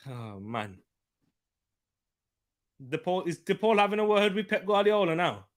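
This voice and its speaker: A man hosting a live football watchalong, excitable, laughing often and shouting out at near chances. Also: sits high, unhurried.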